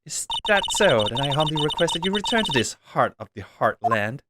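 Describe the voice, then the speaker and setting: A man's voice: on the high side, very animated, brisk, over loud music. A man voicing a stern, haughty older woman who speaks in a formal, stiff, condescending way.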